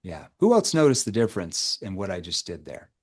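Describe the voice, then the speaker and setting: A man's voice: deep voice, big pitch swings, fairly quick, a little mellow, breathy edge. A man running a live sales coaching session over a video call, who keeps quizzing the group with rhetorical questions. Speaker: sales trainer.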